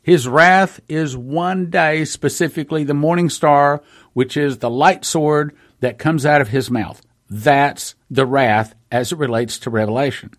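A man with a somewhat high voice gives an informal Bible-prophecy broadcast, recorded dry and close with no room sound. He talks earnestly and repeats key words for emphasis. He slows right down to read scripture, then presses his listeners with rhetorical questions. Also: dry recording. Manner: reads scripture slowly and deliberately.

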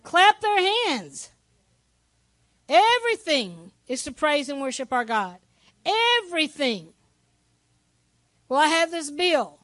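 A woman pastor preaching a sermon in a lively, conversational way, with asides to the congregation. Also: sits high, slow, pauses often, no echo.

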